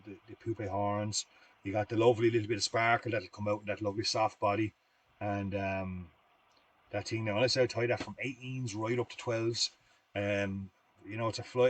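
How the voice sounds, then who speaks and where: A middle-aged Irish man demonstrating fly tying on a livestream, chatting in a rambling, folksy way between steps. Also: on the low side.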